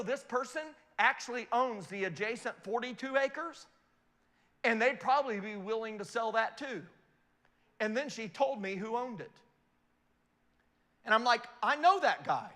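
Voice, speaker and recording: Middle-aged male speaker, animated storyteller, high ringing voice, keeps checking in with the crowd. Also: normal speed, big-room sound. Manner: animated storyteller, asks the audience questions. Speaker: investment speaker. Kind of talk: motivational talk to an audience.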